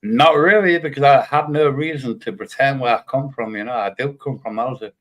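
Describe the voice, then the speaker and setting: A man's voice: mid-range voice, a little fast, muffled recording. A man, arguing casually on a livestream and brushing people off dismissively. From North East England. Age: 60s. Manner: dismissive, keeps saying "come on, son".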